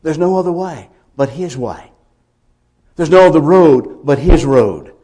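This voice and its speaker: A man preaching a sermon, emphatic, with swings from quiet lines to loud ones. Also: on the high side, animated, measured pace, slightly rough.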